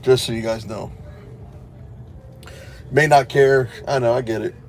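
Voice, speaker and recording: A man's voice: mid-range voice, fairly even intonation, measured pace, slight background noise. A tired man vlogging from inside his parked car, rambling to viewers with sarcastic asides. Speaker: cop-watch vlogger. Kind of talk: casual running commentary to viewers.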